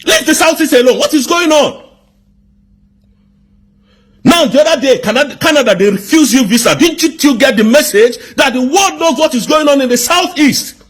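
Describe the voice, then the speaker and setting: A man's voice: very high voice, animated, moderate pace. A man with a Nigerian accent delivering an angry political rant, firing off indignant rhetorical questions. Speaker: commentator.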